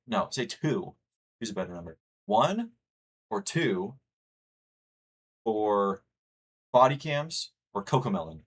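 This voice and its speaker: A man's voice: lowish voice, expressive, a little slow, pauses often, husky. A young man from the United States chatting casually with his livestream chat, rambling and reading messages aloud. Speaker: streamer.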